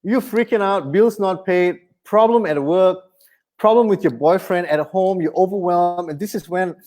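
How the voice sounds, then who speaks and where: A man. His voice sits high for a man. He keeps the sermon conversational and animated, slipping in humor. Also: moderate pace. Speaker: pastor.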